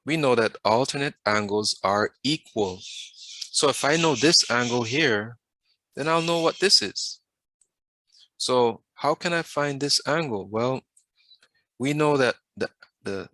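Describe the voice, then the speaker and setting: Teaching math by video, this man speaks in a mid-range, somewhat bright voice with no echo. He is patient, regularly pausing to question the class and wait for replies.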